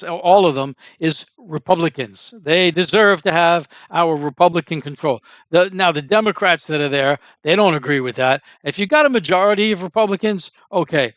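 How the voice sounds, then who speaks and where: Host, male, somewhat high voice, indignant rambling commentary, dry close sound. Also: fairly bright tone, dry recording. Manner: rambling, indignant, many restarts and fillers. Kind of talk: casual political commentary.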